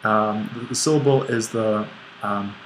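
A man's voice: on the low side, fairly even intonation, takes it slowly, fairly bright tone, a little hiss or hum, rough recording. A man teaching a grammar lesson over an on-screen whiteboard, thinking aloud and correcting himself as he writes. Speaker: Greek instructor.

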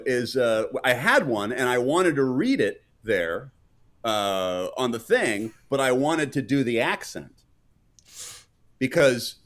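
A man's voice: medium pitch, fairly bright tone. A man hosting a live stream in casual chat, reading out chat comments and rambling with many fillers and restarts.

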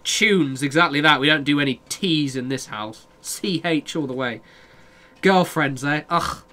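Young man, game streamer; bright, slightly high voice; chatty, swears a lot, talks to chat as he plays. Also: moderate pace. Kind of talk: casual live-stream chat with viewers.

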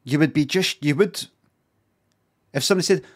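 A man's voice: on the high side, moderate pace. A man, chatting casually and swearing while streaming reaction commentary. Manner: chatty, swearing, rambling asides.

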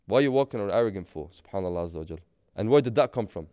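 A man's voice: lowish voice, expressive, rapid-fire, warm tone, smooth, no room sound. Earnest preaching man, dry sound. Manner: earnest, rhetorical questions, mixes in Arabic phrases. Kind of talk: Friday sermon.

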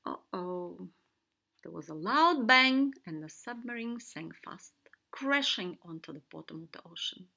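A woman reading a children's picture book aloud, animated and sometimes dropping to a whisper. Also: fairly high pitch, normal speed, gravelly. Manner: animated, switching voices for characters, soft whispers. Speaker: storybook reader. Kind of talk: children's read-aloud narration.

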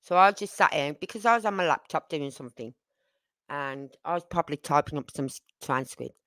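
Low-pitched, expressive and brisk, with a slightly bright tone and no echo, an older woman hosts a casual livestream. She rambles through family stories, breaking off for asides and speaking directly to viewers with tag questions.

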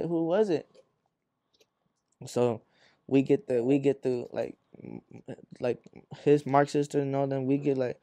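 A man's voice: medium pitch, dark tone, no echo, clean studio sound. A young man from Arizona, a rapper being interviewed, telling a story in a rambling, profane way and acting out what people said. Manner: rambling, profane, acts out quotes. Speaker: rapper guest.

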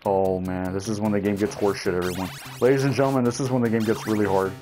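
A young man giving casual gameplay commentary, swearing, shouting at enemies and talking to his viewers as he plays. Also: lowish voice, steady tone, fast talker, faint music behind. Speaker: let's play gamer.

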